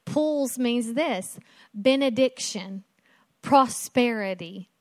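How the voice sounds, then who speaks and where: High-voiced emphatic woman preacher. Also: takes it slowly, no room sound. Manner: emphatic, rhetorical questions, repeating phrases. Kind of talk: sermon.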